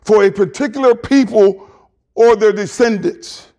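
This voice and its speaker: A pastor in his sixties with a Southern US accent, preaching an animated, joking sermon straight to the congregation. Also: high-pitched, a little slow. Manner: animated, jokey, talks to congregation.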